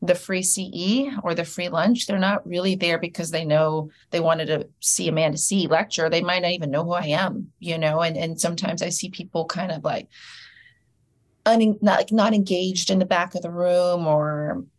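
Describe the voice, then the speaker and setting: Measured woman with a lowish voice. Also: steady tone. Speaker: dentist and educator. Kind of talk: casual interview conversation.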